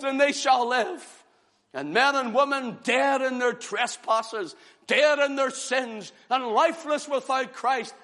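A man preaches a revival sermon in a high, ringing voice. His delivery is fervent and rhythmic, swelling into loud cries and sinking into hushed near-whispers. The sound carries a long reverb, as from a church hall.

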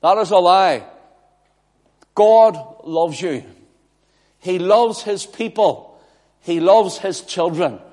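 A man preaching a fervent sermon in a church, swinging between loud declarations and hushed pleading. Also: high-pitched, takes it slowly, long pauses. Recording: long reverb of a large hall.

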